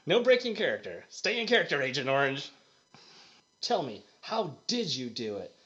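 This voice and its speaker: A man's voice: a little high, big pitch swings, moderate pace, a bit bright, dull audio. Man reading as an earnest spy captain. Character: earnest male spy captain giving praise.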